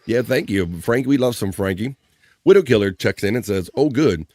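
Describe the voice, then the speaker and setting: A man hosts a live stream and reads viewer comments aloud, joking and calling out names. His voice sits fairly low. The sound is dry and close, with no room echo. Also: fairly quick. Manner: playful, jokey, shouting out viewers by name. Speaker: live-stream show host.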